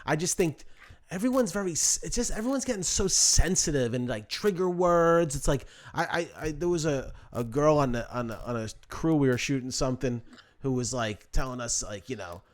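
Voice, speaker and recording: A man's voice: on the high side, animated, a little fast. A male comedian co-hosting a podcast, talking casually and rambling with many fillers. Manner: rambling, heavy use of "like". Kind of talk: casual chat.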